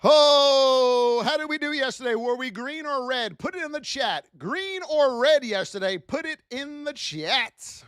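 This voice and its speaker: Hyped-up high-voiced man on a livestream. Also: expressive, moderate pace, few pauses, a bit bright, no echo, studio quality. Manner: high-energy, hype-driven, rhetorical questions to chat. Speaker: trading educator hosting a livestream. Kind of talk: live-stream trading lesson.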